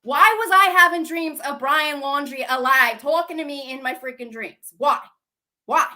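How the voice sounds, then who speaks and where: Agitated high-voiced woman ranting. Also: moderate pace, sharp tone. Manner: agitated, repetitive, swearing, rhetorical questions. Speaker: channel host. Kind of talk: emotional monologue to camera.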